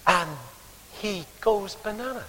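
A man preaching a sermon, telling stories with lively acted-out voices. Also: sits high, slow pace, a little hiss or hum. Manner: animated storytelling, acting out voices. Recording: long hall reverb.

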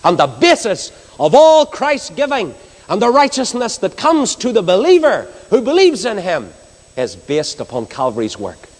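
A man preaching an impassioned evangelistic sermon, swinging from loud exclamations to hushed storytelling. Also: sits high, wildly swooping pitch, normal speed. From Northern Ireland. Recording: long hall reverb.

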